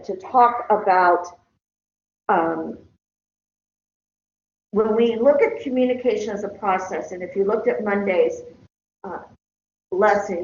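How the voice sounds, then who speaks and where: An older woman lectures a college class conversationally, checking in with her students as she goes. Her voice is medium-pitched, and the roomy, dull lecture-hall recording carries slight background noise.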